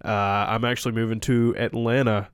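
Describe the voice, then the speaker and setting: A man co-hosting a podcast, speaking in a relaxed, halting way with fillers. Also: medium pitch, smooth, dry recording, clean studio sound. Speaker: podcast co-host. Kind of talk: casual podcast sign-off.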